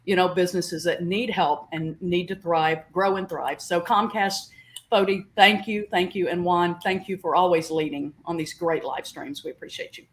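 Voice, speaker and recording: Heartfelt, low-voiced woman from a chamber of commerce. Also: fairly even intonation, normal speed. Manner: heartfelt, emotional. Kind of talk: panel closing remarks. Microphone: video call.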